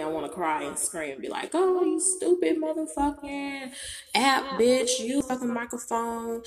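A woman comedian doing a loud, profane comic rant to an online audience, often breaking into laughter. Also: lowish voice. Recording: roomy echo, distant mic, faint music behind.

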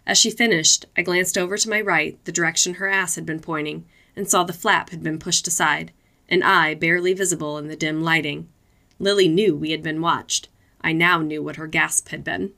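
A woman narrates adult fiction aloud in an even, unhurried way. Her voice sits on the low side yet sounds bright and tense at the edges. The reading stays steady and measured throughout.

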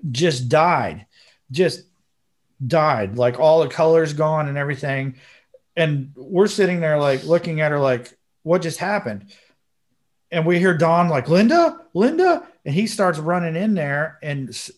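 A man's voice: a little high, moderate pace. Earnest man telling a story. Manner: emotional, earnest, slangy ("bro", "dude"). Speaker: podcast host. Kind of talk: casual storytelling.

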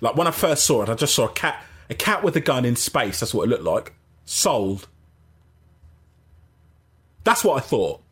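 A man hosting a casual gaming livestream, rambling and animated, often interrupting himself. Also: mid-range voice, normal speed, pauses often, slightly rough. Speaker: gaming channel host.

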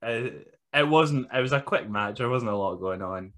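Sweary man, lively voice. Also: medium pitch, normal speed. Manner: blunt, sweary, laughs a lot. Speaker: podcast co-host recapping wrestling. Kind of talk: casual podcast chat.

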